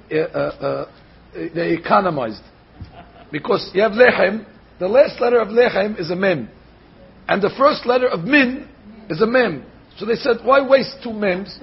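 A man giving a Torah class as a rabbi, animated, slowly sounding out words to show how they should be said. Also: sits high, vocal fry, husky. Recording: dull lo-fi recording.

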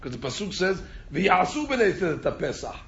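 A man's voice: high-pitched, big pitch swings, a little fast, vocal fry, lo-fi sound, slight background noise. A man teaching an informal Torah class, repeating words as he restarts and chanting Hebrew verses.

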